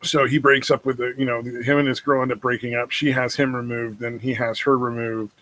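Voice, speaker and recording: A man's voice: medium pitch, little pitch movement, a little fast, fairly bright tone, low-quality recording. A man co-hosting a podcast in an easygoing, casual way, swearing often and filling his talk with "like". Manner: laid-back, profane, peppered with "like". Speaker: podcast co-host. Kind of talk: casual chat.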